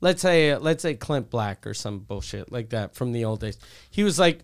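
A man's voice: mid-range voice, expressive, moderate pace, clear, resonant tone. A man telling stories and joking with swearing in casual podcast banter. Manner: profane, joking, storytelling. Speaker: podcast co-host.

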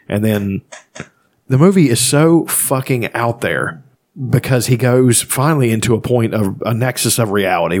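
A man's voice: lowish voice, darkish tone. A man chatting casually on a podcast, rambling and swearing freely as he retells movies. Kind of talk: casual chat.

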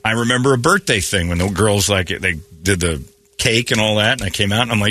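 A man hosting a morning radio show, telling animated stories and acting out the people in them in a casual, joking way. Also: lowish voice, fairly quick. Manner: animated storytelling with laughs and acted-out quotes.

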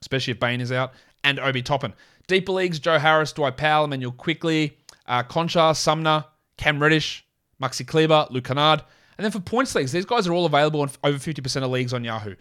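A man with an Australian accent hosting a solo fantasy basketball podcast, rattling off player lists and quickly correcting himself. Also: fairly high pitch, a bit bright, clean tone. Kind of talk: casual solo podcast talk.

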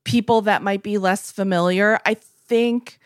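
A woman co-host with a mid-pitched voice recorded dry and close to the mic. She speaks earnestly and chattily, working through her thoughts and telling small anecdotes. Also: steady tone, unhurried, clear, resonant tone, no room sound. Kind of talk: casual podcast chat.

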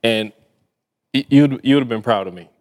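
A man's voice: mid-range voice, normal speed, a little mellow, in a large hall. A man co-hosting a podcast, chatting casually in slang and laughing often. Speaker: podcast co-host. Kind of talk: casual chat.

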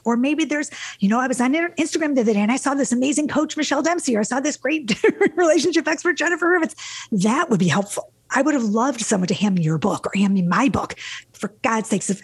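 A woman's voice: on the high side, lively intonation, fast, husky. A woman podcast host and dating coach in casual, emotional chat, who swears freely.

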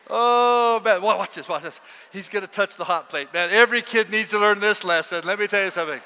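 A man's voice: sits high, a little fast, exaggerated voice. A man voicing a gleeful, careless parent who eagerly eggs on a child's mishap. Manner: excited, egging on, laughing asides. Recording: long hall reverb.

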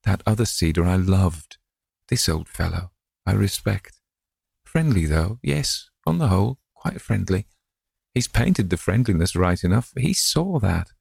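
A man with a low, creaky voice playing a dreamy, tender old gentleman who muses aloud. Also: big pitch swings, a little slow, no room sound, clean studio sound, full character voice. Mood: musing. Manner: wistful, musing aloud.

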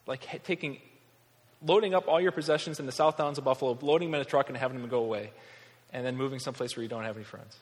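A man's voice: medium pitch, fairly even intonation, very fast. A man in his thirties from Western New York, preaching a sermon in an earnest, conversational way with wry humor. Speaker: pastor. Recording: long hall reverb.

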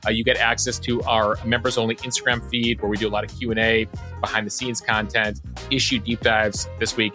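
A man co-hosting a conversational news podcast, talking in a relaxed, chatty way with frequent "uh" fillers. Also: on the low side.

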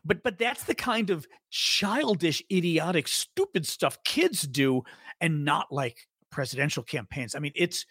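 A man co-hosting a podcast, talking in a sarcastic, animated way and mocking the voices of the people he quotes. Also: on the high side, a little slow, slightly rough, no echo, studio quality. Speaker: podcast co-host. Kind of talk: casual political chat.

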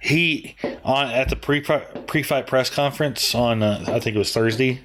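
A man co-hosting a casual sports podcast, often halting and repeating words as he cuts in. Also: medium pitch, background noise. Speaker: podcast co-host.

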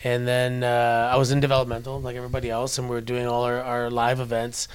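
This Canadian former wrestler, in his forties, is a chatty storyteller at a New York wrestling convention interview, frequently starting sentences over. He talks fast in a clear, resonant, monotone voice of medium pitch.

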